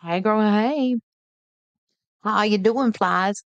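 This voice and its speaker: A woman's voice: lowish voice, normal speed, no room sound, dull audio. A woman, hosting a late-night live stream in a folksy, chatty way and greeting viewers by name.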